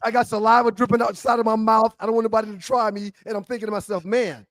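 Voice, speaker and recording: A man co-hosting a talk show, telling an animated story and acting out a shouting cop. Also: high-pitched, very fast, no echo. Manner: acts out a cop's voice, loud and shouting.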